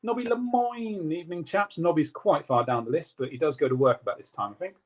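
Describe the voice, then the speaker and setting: A man co-hosting a casual live stream, reading out viewer comments in a quick, jokey way. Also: a little high, lively intonation. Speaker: co-host reading live chat.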